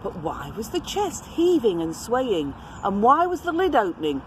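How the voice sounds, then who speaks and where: A woman reading a story aloud to children, expressive and gentle, speaking to them directly. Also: fairly high pitch, moderate pace, a little hiss or hum.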